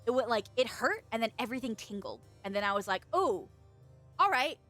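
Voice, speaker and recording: A woman's voice: fairly high pitch, fast talker, soft background music. A woman chatting casually on a live stream, reading chat, laughing often, swearing and teasing, with a stuffy nose, close to a desk microphone.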